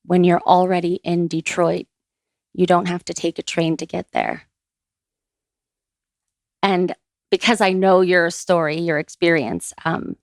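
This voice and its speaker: A woman in her thirties, a podcast guest, telling stories in a relaxed way with lots of pauses. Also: on the low side, vocal fry, no room sound, studio quality. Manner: relaxed, many "um" pauses, lively retelling. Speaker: guest, author. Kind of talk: conversational storytelling.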